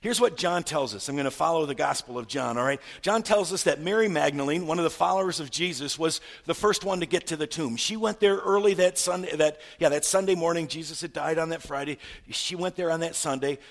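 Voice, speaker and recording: A man preaching a sermon, retelling a story with stammered repeats and rhetorical questions, swinging from loud to hushed. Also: on the high side, brisk, vocal fry, hardly any pauses. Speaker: pastor.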